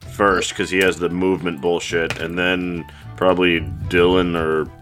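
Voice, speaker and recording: A man playing a tabletop game, making quick, joking remarks about his character. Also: sits low, flat delivery, fairly bright tone, faint music behind. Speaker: player.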